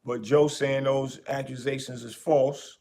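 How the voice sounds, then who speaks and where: A podcast host talking in a casual, animated way, repeating his points for emphasis. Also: medium pitch, a little slow. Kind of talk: casual commentary.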